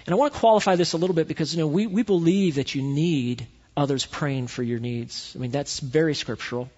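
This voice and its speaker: A male pastor preaching a sermon in a church, telling the story with animated swings between loud and quiet delivery. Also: fairly high pitch, brisk. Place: church sanctuary. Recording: echoey hall, dull lo-fi sound.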